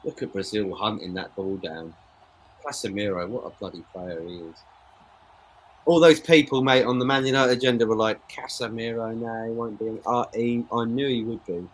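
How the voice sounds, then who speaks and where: A lowish-voiced man talking through a football match with a friend in easy, opinionated chat. He keeps dropping "mate" into his lines, and faint ambient noise sits under the recording. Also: normal speed. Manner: chatty, says "mate" often, opinionated. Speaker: co-host of football watchalong. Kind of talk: casual live match chat.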